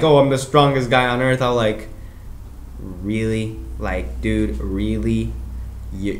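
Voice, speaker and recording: A man giving a rambling, excitable casual review of an anime episode, laughing often and mimicking characters. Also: mid-range voice, echoey room.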